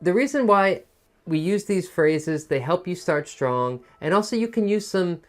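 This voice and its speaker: Soft-toned man with a musical teacher voice. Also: sits high, lively intonation, a little slow, faint music behind. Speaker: TOEFL teacher. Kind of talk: online lesson explaining a test.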